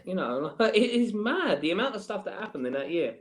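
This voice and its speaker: A man in his forties, a guest in a casual football chat, talking in a lively, animated way. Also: high-pitched. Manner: lively, animated, quick to laugh along.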